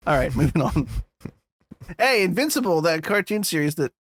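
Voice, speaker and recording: Man, podcast co-host, fairly high voice, casual and swearing, dry close sound. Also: sing-song, normal speed, no echo. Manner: loose, laughing, swears freely. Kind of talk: casual chat.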